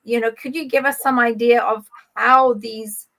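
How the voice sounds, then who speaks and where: A woman's voice: fairly high pitch, fairly even intonation, a little slow, a bit bright, poor audio. A woman interviewing a guest over a remote call, asking long, rambling, hesitant questions. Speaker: podcast interviewer.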